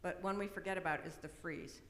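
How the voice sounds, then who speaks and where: A woman's voice: on the low side, steady tone, a little fast, a little hiss or hum. A middle-aged woman presenting an autism awareness talk in a conversational way, often checking in with tag questions. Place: church hall. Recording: echoey hall, long reverb.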